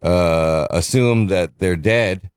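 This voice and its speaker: A man's voice: low-pitched, slow, a little mellow, clear, resonant tone, no echo, studio quality. A man hosting a morning radio show, chatting casually and rambling a bit, correcting himself as he goes. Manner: rambling, self-correcting, chuckles.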